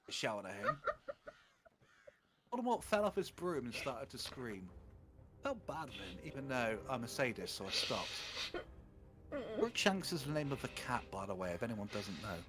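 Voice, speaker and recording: Animated man reading fanfic for laughs. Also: mid-range voice, moderate pace, long pauses. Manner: exasperated commentary mid-reading. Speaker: streamer reading fanfic aloud. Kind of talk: comic dramatic reading.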